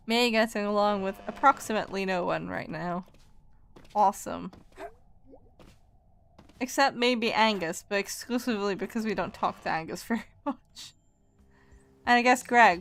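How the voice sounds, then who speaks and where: A woman streaming a video game, chatting loosely, laughing often and swearing in loud bursts of frustration. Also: medium pitch, unhurried, long pauses. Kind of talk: let's play commentary.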